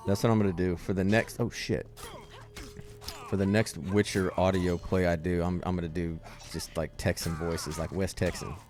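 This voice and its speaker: Deep-voiced man joking through a game. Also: level tone, moderate pace, darkish tone. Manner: joking, rambling, swears. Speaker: streamer playing a game mod. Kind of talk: casual gaming commentary. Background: faint game music.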